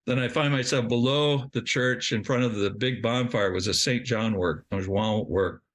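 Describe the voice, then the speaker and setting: A man's voice: mid-range voice, normal speed. Rambling middle-aged man telling a story. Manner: rambling, restarts often, laughs at himself. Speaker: podcast guest. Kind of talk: storytelling in an interview.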